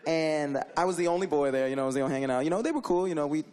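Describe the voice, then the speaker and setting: A man telling a stand-up story in an animated way, laughing and jumping into character voices. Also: a little high, racing. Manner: animated, laughing, acts out characters with big voice jumps. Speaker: stand-up comedian.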